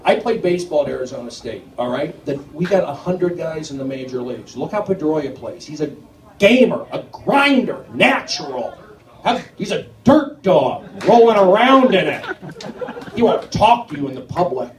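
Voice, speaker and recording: A man performing a live stand-up set in a comedy club, rambling and jumpy, swinging from mumbled asides to sudden shouted outbursts. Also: a little high, big pitch swings, normal speed. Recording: roomy, distant club recording with noise. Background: audience laughter.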